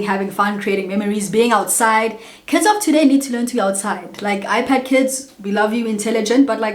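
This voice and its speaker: A South African woman in her late twenties, chatting casually and warmly as a vlogger, telling childhood stories with lots of asides to viewers. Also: mid-range voice, reverberant. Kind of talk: casual get-to-know-me storytelling.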